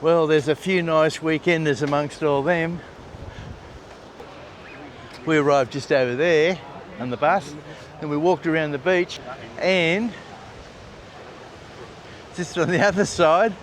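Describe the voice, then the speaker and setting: A man's voice: a little high, a little slow, pauses often. An Australian man narrating a casual travel vlog outdoors on a coastal walk, chatty and wry with friendly asides. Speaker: travel vlogger. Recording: noisy outdoor street recording. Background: traffic and outdoor ambience.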